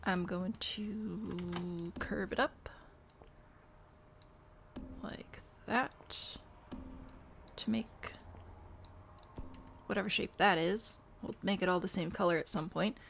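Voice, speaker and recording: A woman's voice: fairly low pitch, fairly even intonation, moderate pace, gravelly, slight background noise. A woman streamer chatting casually while she builds in a game, wry and self-deprecating, answering chat and hiccuping now and then. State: has the hiccups.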